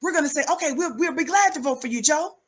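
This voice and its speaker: A woman giving fiery preaching-style commentary, emphatic and rhythmic, repeating words for effect. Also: fast. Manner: calls herself high-energy.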